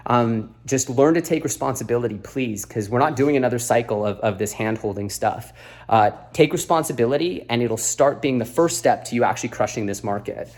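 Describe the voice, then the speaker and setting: A man's voice: mid-range voice, a little fast, hardly any pauses, a little mellow. A man hosting a video update, a little out of breath after a workout, talking earnestly and bluntly with lots of fillers. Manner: earnest, lecturing, blunt advice with many fillers. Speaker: crypto video host. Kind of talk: casual straight-to-camera update. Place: beside an exercise machine.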